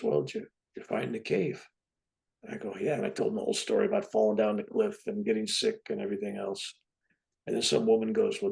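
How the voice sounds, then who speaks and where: A man in his seventies, a guest on a talk show, telling his own story in a lively way and often asking "right?". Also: mid-range voice, creaky. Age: 70s. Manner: lively, keeps tagging "right?" onto his points. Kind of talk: animated personal storytelling.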